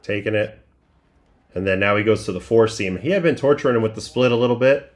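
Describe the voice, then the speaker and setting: A middle-aged man hosting a livestream, casually breaking down baseball pitches one by one and thinking aloud with restarts and fillers. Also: fast. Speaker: livestream host breaking down game film.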